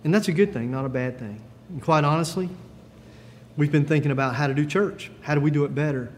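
A man pastor preaching a sermon in a gentle, conversational way, with frequent pauses and fillers. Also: a little high, big-room sound, slight background noise.

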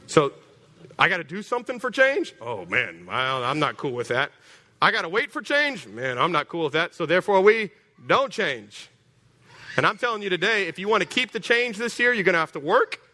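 Animated pastor preaching. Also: male voice, a little high. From Texas. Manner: animated, joking, acts out voices. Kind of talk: sermon.

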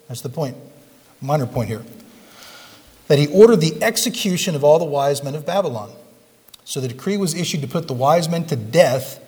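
A pastor in a church sanctuary delivering a sermon to his congregation, his voice a bit higher than most men's. He talks to the room in an easy, conversational way, often asking them questions, and the sound carries a long hall reverb. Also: darkish tone.

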